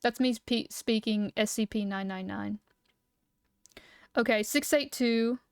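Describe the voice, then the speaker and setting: A young woman streaming live, reading lore aloud and chatting with viewers, excitable and quick to laugh. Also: on the high side, vocal fry, clear, resonant tone, no room sound, studio quality. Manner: excitable, giggly, reacting loudly.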